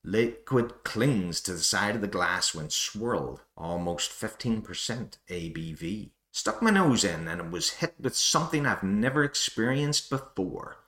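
A man's voice: fairly low pitch, very animated, a little slow, few pauses, a bit bright. A man doing a clumsy put-on North American accent, playing a fussy male wine connoisseur who reads out tasting notes in short, clipped phrases. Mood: sniffy, deadpan. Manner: dry tasting-note delivery in clipped phrases. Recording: roomy echo.

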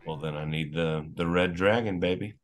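A man's voice: deep voice, normal speed. A man playing a tabletop game in casual role-play, cracking cheeky jokes in character. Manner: wisecracking, cheeky banter. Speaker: player.

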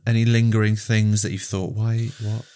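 Deep-voiced man riffing on films. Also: moderate pace. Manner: animated, spins ideas. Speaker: podcast co-host. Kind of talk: casual film chat.

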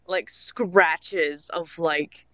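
Female co-host, bright and crisp, dry close sound. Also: fairly low pitch, fairly even intonation, drawn-out words, no room sound. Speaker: podcast co-host. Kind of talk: casual chat.

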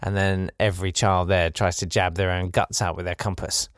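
A man hosting a comedy podcast, delivering a sardonic satirical monologue, swinging between loud bursts and quiet asides. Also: low-pitched, little pitch movement, moderate pace, no echo, clean studio sound.

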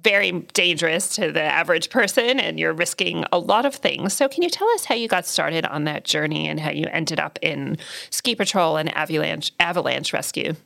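A woman's voice: low voice, animated, normal speed, creaky, pushed and bright. A woman hosting a podcast interview, asking long, searching questions. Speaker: podcast host.

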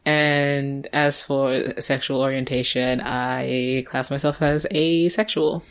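A guest from the British Virgin Islands talks casually on a podcast, laughing often. Their pitch sits mid-range. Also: steady tone, slow pace, clean tone. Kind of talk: casual interview chat.

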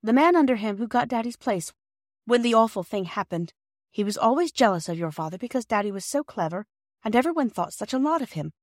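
A woman's voice: fairly high pitch, lively intonation, brisk, no echo, studio quality, voice pushed up, lightly acted. A woman reading a storybook aloud, voicing a firm, reassuring mother. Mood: troubled. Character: loving mother, steady and proud.

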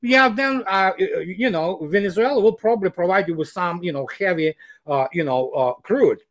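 A man speaks in a high voice, talking animatedly and sardonically in a casual interview. He stops often on fillers before pressing his point. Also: moderate pace. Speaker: guest commentator.

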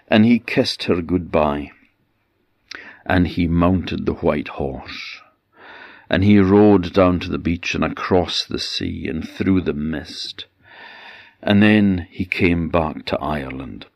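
Slow, gravelly Orkney Scottish storyteller. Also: male voice, sits low, no echo, lo-fi sound. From Orkney Islands, Scotland. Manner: gentle, repetitive storytelling cadence. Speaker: traditional storyteller. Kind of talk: oral folktale storytelling.

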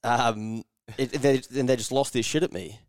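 A New Zealand man in casual podcast chat who swears freely and slips into other people's voices mid-story. His voice is smooth and resonant, recorded close and dry. He talks at an everyday pitch. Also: steady tone, moderate pace, no echo. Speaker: podcast co-host.

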